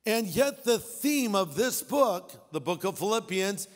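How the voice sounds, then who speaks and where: A man with a fairly high voice delivers an animated sermon, joking and slipping into little character voices. His voice rings out in a big hall with a long reverb tail. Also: a little slow, faint music behind. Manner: animated, jokey, acts out characters. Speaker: pastor.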